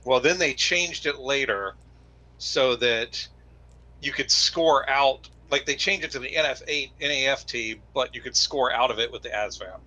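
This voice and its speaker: A man's voice: medium pitch, normal speed, bright, forceful tone, rough recording. A man veteran on a casual panel, explaining things in a matter-of-fact way.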